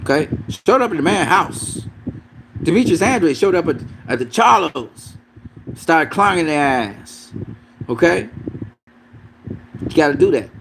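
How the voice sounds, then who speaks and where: A man rants about boxing in a loose, profane, emphatic way, his pitch leaping up and down. His voice sits a little high with a gravelly edge. Steady noise hums behind him. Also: a little slow, long pauses. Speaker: boxing commentator. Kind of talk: casual ranting commentary.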